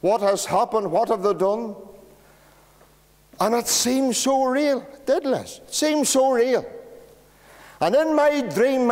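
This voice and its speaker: High-voiced Northern Irish pastor. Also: male voice. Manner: lively, homely storyteller. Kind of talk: storytelling sermon. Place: church. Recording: long church reverb.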